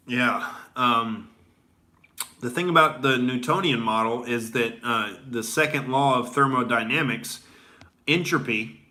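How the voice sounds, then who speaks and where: Male comedian host, crude rambling rant, bright forceful voice. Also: medium pitch. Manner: rambling, profane, heavy on filler words.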